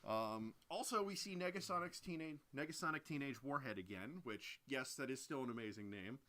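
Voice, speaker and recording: A man co-hosting a podcast, chatting casually as he recaps and reviews a film in a rambling, animated way. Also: mid-range voice, brisk. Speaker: podcast co-host. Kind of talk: casual movie review chat.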